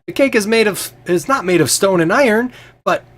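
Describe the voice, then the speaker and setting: A man's voice: high-pitched, lively intonation, normal speed, pitched above the performer's own voice. A man voicing a boisterous, gluttonous male jester who cackles and shows off at a feast. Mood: gleeful. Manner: loud, cackling showman.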